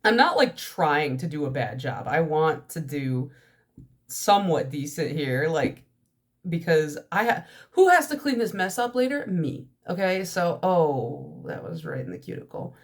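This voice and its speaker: Young woman vlogger, congested and nasal, lower-pitched, stream-of-consciousness casual chat. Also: sing-song, unhurried. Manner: chatty stream-of-consciousness talk. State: stuffy nose, nasal from allergies. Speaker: nail polish vlogger.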